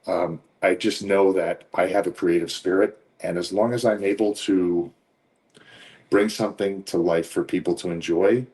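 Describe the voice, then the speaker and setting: Deep-voiced man telling stories, laughing. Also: moderate pace. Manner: relaxed storytelling, laughs often while talking. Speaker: interview guest, professional wrestler. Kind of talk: casual sit-down interview.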